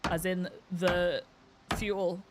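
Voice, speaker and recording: A woman's voice: fairly low pitch, little pitch movement, very slow, noisy background. A young woman with a Northern Irish accent, chatting casually while streaming a game, laughing often and swearing lightly. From Northern Ireland. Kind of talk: casual live-stream chat while gaming.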